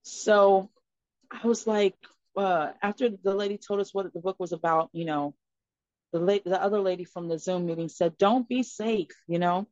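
Woman interview guest, mid-pitched, earnest storyteller; dry, slightly muffled recording. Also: normal speed, no echo. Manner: earnest and expressive, acting out dialogue in her story. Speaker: podcast guest.

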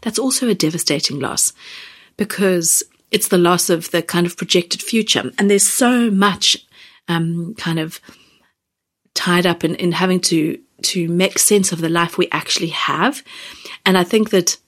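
A woman in her thirties or forties hosting a podcast, speaking gently and haltingly about personal feelings, close to tears. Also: on the low side. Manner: gentle, halting, many fillers and restarts. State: near tears. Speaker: podcast host. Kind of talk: reflective personal podcast talk.

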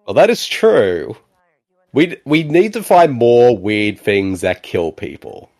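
Man, podcast co-host, middle-pitched, animated delivery, giggly and excitable movie chat. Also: takes it slowly. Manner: laughs often, excitable and chatty. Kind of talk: casual movie riffing chat.

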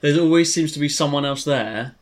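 A man's voice: on the high side, brisk. A man co-hosting a podcast, chatting casually and searching for words with many fillers. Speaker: podcast co-host. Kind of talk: casual chat.

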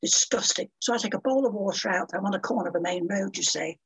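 A woman's voice: medium pitch, quick pace, gravelly, husky, no room sound, rough recording. A woman, talking as an interview guest in a blunt, bawdy and theatrical way. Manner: blunt, bawdy and theatrical, acting out quoted voices. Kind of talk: casual interview chat.

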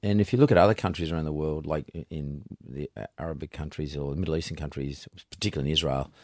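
A man's voice: extremely low pitch, steady tone, fast, darkish tone, no echo, clean studio sound. An older Australian man hosting an interview, blunt and rambling with frequent restarts. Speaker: podcast host. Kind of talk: casual interview.

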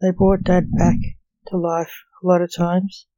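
A storyteller reading the lines of a stern, snappish grown son who rules as emperor, in a slow, mellow voice. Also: mid-range voice, flat delivery, dry recording, dull audio, close to an everyday voice.

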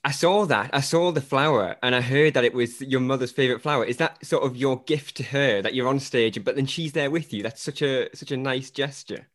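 A man co-hosts a podcast in a chatty, teasing way. His voice sits in a middle pitch, and he talks easily as he leads into the interview. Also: a little fast, few pauses, fairly bright tone. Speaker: podcast co-host. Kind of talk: casual podcast chat.

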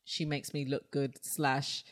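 Woman, low voice, animated storyteller, interview guest. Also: slow. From South London. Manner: animated storyteller, acts out quotes, exclaims. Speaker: baker and cafe owner, guest. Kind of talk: casual interview chat.

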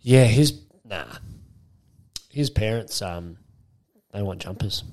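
Slow-talking man bantering. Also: lowish voice, animated, darkish tone. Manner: unhurried, crude joking banter. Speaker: podcast co-host. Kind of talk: casual chat.

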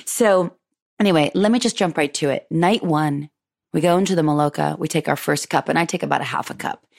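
A woman with a lowish voice tells her listeners a personal story in an effusive, chatty way. She laughs often and slips into the voices of the people she quotes, like a host talking straight to her audience. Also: fairly quick, vocal fry, darkish tone. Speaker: podcast host.

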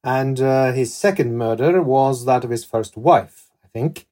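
A man's voice: medium pitch, a little slow, mellow. A man hosting a podcast interview, mixing casual questions with passages read from prepared notes. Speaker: podcast host.

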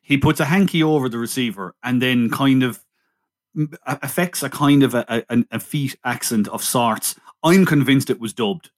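A man's voice: medium pitch, moderate pace. A man co-hosting a casual film review chat, chatty and steering the discussion back on track. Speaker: podcast co-host.

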